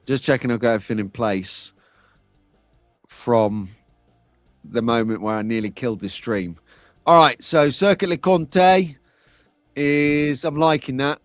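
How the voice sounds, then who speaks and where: Broadcasting live from home, this middle-aged English host of a slot car stream keeps things chatty and jokey while reading out comments from viewers. He has a mid-range voice, with no room sound on the recording.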